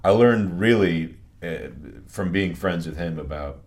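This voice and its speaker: A middle-aged man from New England, a podcast guest telling stories in a relaxed, halting way, often restarting his sentences. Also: sits low. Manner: relaxed, halting, restarts phrases, many murmured agreements. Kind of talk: conversational interview.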